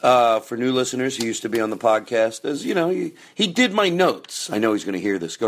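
A man hosting a podcast, rambling casually through plans and announcements, now and then erupting into loud profane rants. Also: medium pitch, animated, a little fast, hardly any pauses. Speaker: podcast host.

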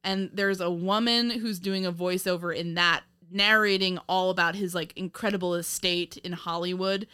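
Woman podcast co-host, bright tone, rambling and giggly film chat. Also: fairly low pitch, fairly even intonation, normal speed, hardly any pauses, clean tone. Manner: rambling, laughs often, many fillers and restarts. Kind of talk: casual film review chat.

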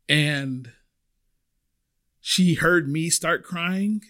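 A man's voice: fairly high pitch, very slow, fairly bright tone. A man who works as a restaurant server, earnestly telling a personal story in a conversational way with many restarts.

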